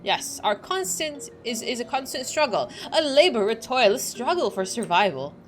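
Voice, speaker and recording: Small whiny kobold digger, begging and dramatic, put on by a woman, soft and a touch low, lively swoops. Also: moderate pace, faint music behind. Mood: pleading. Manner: repeats "yes, yes, yes", dramatic and pleading. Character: groveling downtrodden kobold digger, small and pleading. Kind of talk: reading game dialogue aloud.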